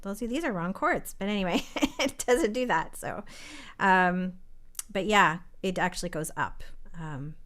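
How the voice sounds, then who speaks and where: A woman's voice: lowish voice, expressive, measured pace, fairly bright tone. Reflective woman explaining her songwriting. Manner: reflective, talking through ideas aloud. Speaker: composer and co-artistic director. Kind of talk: casual conversation about songwriting. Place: online live stream.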